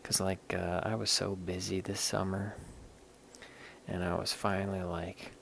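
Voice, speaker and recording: A man's voice: deep voice, little pitch movement, a little slow, gravelly, fairly bright tone, a little hiss or hum. A man rambling candidly in casual live-stream chat while showing stones, swearing now and then. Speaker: livestream host showing stones.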